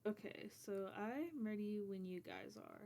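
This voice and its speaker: A woman running a tabletop game as game master, easygoing and quick to laugh. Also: medium pitch, huge pitch swings, gravelly, warm tone. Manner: giggly, easygoing.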